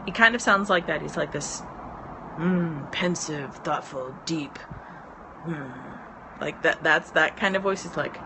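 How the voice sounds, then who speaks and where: With a low, creaky voice and a slightly slow pace, a business mentor in her thirties chats on a live stream outside on her porch. Road noise fills the background as she rambles, laughs easily and ums often.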